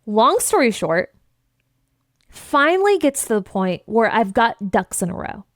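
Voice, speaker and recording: A woman with a somewhat high voice hosts a podcast and tells an animated, candid story. She swears freely and slips into other people's voices when she acts out conversations. The recording is close and dry, with no room sound. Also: measured pace, no room sound. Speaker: podcast host and business coach.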